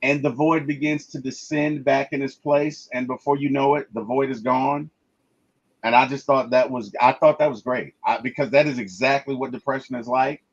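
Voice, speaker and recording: A man's voice: medium pitch, fairly even intonation, moderate pace, husky, highs cut off. A man chatting casually in a movie review, emphatic, stammering and restarting as he retells scenes.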